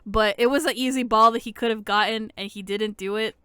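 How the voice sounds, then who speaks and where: Smooth-voiced young woman, dry close sound. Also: on the high side, brisk, no room sound. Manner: laughing often, swearing, animated retelling. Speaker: anime review co-host. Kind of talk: casual chat.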